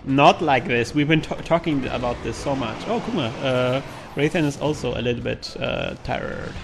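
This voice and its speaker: A man's voice: mid-range voice, moderate pace, creaky, noisy background. A man hosting a co-op game session in casual chat, joking and laughing often. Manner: laughs often, excitable, jokey. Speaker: gamer hosting a co-op stream.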